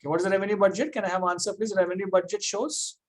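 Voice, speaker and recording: A man's voice: sits high, fairly even intonation, very fast. A man teaching a classroom economics lecture, repeating points and checking often that students follow.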